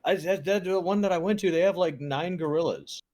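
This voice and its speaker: A man's voice: high voice, a little fast, crowd noise. A young man co-hosting a podcast in casual chat, loose and profane, laughing often. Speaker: podcast co-host.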